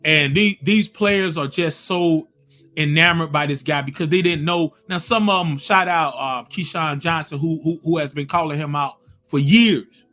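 Animated man ranting on a podcast. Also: on the high side, moderate pace. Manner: animated, acts out quotes in voices, swears freely. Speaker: podcast host. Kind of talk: casual opinion talk. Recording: faint music behind.

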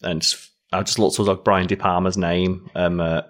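A man's voice: deep voice, flat delivery, moderate pace. A man co-hosting a casual podcast chat, opinionated and chuckling, with rambling restarts. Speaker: podcast co-host.

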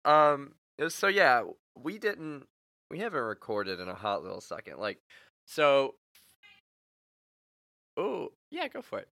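A young man co-hosting a podcast, chatting casually and telling animated stories with lots of laughter and acted-out quotes. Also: medium pitch, unhurried, gravelly, pauses often, no room sound, clean studio sound. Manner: laughs often, animated storytelling with voiced quotes. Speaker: podcast co-host. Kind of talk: casual chat.

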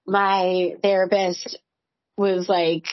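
A woman's voice: mid-range voice, flat delivery, extremely slow, no room sound, dull audio. A woman in her forties, a podcast co-host, telling candid stories in casual chat, full of "like" and swearing. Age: 40s. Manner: candid, swearing, storytelling with lots of "like".

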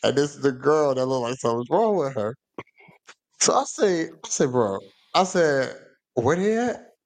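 A man, telling a long funny story on a podcast and acting out the voices of the people in it. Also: moderate pace. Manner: animated, acts out quoted voices with big pitch jumps. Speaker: podcast host. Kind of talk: casual storytelling.

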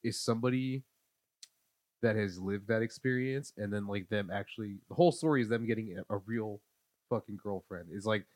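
A man's voice: fairly low pitch, a little fast, a little mellow, dry recording, studio quality. A man co-hosting a casual podcast, loose and stumbling, saying "dude" and "uh" a lot. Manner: loose, says dude and uh, stumbles over words. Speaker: podcast co-host. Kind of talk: casual chat.

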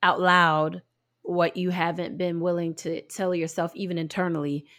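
A woman interviewing a guest, asking gentle, probing questions and rephrasing them as she goes. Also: fairly low pitch, flat delivery, normal speed.

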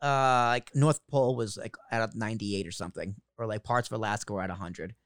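A man's voice: lowish voice, a little fast, no echo, clean studio sound. A young man co-hosting a casual news podcast, joking around and reading out news items with fillers. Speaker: podcast co-host.

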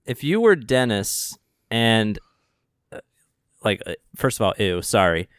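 A podcast co-host chats casually about a show, rambling and hedging as he rephrases his thoughts. His voice is on the low side and very animated, at a measured pace, with a dry, clean studio sound.

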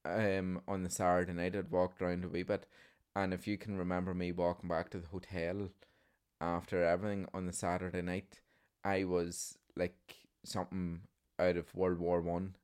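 A man's voice: deep voice, little pitch movement, normal speed, darkish tone, clear, resonant tone. A young man, co-hosting a casual podcast with short replies and dry teasing. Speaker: podcast co-host. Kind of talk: casual chat.

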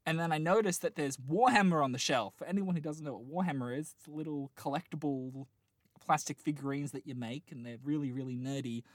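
A man in his late twenties with a fairly high voice talks fairly quickly in a dry, studio-quality recording. Chatting casually, he tells a long, rambling dream full of laughter and restarts.

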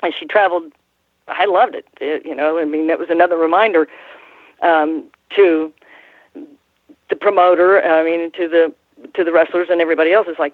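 A woman's voice: on the low side, fairly even intonation, normal speed, long pauses, no room sound. A woman in her sixties, a former ring announcer, telling rambling stories in a casual interview and laughing often. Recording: tinny phone line, dry.

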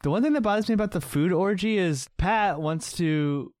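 A man's voice: high-pitched, moderate pace, a little mellow, dry recording, studio quality. A man co-hosting a casual podcast about a movie, laughing often as he talks. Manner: laughs often while talking. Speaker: podcast co-host.

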